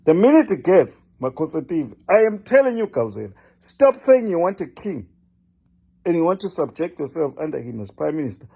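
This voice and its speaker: A man's voice: fairly high pitch, sing-song, brisk, creaky, dark tone, breathy edge. An older man delivering a scolding, lecturing political monologue, addressing one person directly and repeating his name for emphasis. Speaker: political commentator.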